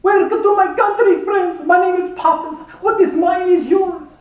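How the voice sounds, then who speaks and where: A man voicing a short, stubby, overly welcoming male Greek tour guide with a put-on Greek accent, loud and drawn out. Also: very high-pitched, normal speed, highs cut off, pitched above the performer's own voice. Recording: echoey room from far off.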